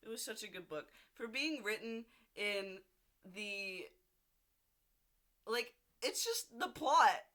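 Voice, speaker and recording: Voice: medium pitch, animated, takes it slowly, pauses often, sharp tone. A vlogger in a casual video diary, rambling and gushing, with frequent restarts and casual swearing, seated at home.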